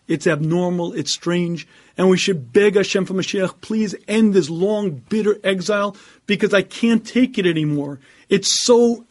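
A rabbi delivers an earnest, emphatic Torah lecture, then takes questions from his audience. His voice sits high for a man, and he keeps clearing his throat as he speaks. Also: darkish tone. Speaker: rabbi giving a talk.

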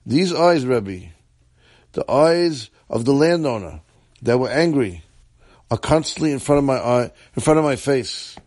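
A man's voice: medium pitch, animated, unhurried, darkish tone, no room sound. A man voicing a dying, repentant old innkeeper who pleads in a weak voice. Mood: anguished. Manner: pleading, remorseful confession.

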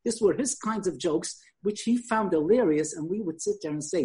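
An older woman giving a lecture, telling an anecdote in an animated, conversational way. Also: fairly low pitch, normal speed, hardly any pauses.

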